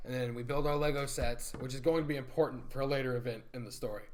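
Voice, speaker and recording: A man's voice: fairly even intonation, fast, a loud crowd. Give me a young man, a podcast host, rambling through a story with his friends. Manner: rambling, acts out quotes in high voices. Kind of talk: casual storytelling chat.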